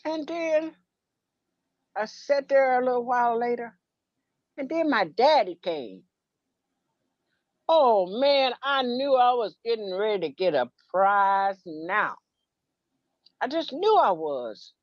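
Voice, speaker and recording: Her fairly high voice is animated, taking things slowly with frequent pauses, as this minister and guest storyteller recounts a personal tale. She voices childhood dialogue and sings a playground rhyme, captured in a dull, dry, muffled recording without room sound.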